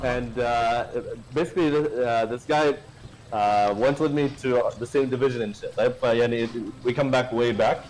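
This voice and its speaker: A man playing a tabletop game, talking casually in a halting way with many fillers. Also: medium pitch, darkish tone, soft background music, rough recording. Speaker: player.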